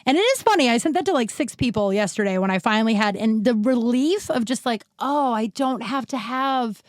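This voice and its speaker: A woman's voice: a little high, animated, brisk, no echo, studio quality. A woman hosting her own podcast while sick and tired, talking in a rambling, candid way, often breaking off mid-sentence and swearing casually. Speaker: podcast host. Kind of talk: casual solo podcast chat.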